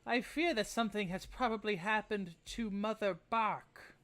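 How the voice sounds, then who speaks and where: A game master voicing a kindly, scatterbrained old woman who talks slowly and gently, like a grandmother. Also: mid-range voice, voice pushed up, natural voice. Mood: weary. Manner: frail, slow and motherly.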